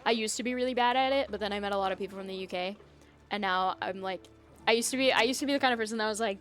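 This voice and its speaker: A woman's voice: mid-range voice, very fast, a bit bright, soft background music. A young woman streaming a video game, chatting with her viewers in a rambling, casual way and often losing her train of thought. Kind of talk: casual live-stream chat while gaming.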